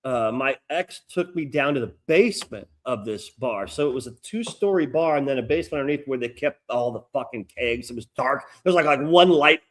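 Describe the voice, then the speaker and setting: A middle-aged American man, a podcast co-host, telling a long story in a rambling, profane, animated way. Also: mid-range voice, a little fast, hardly any pauses. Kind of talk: casual storytelling chat.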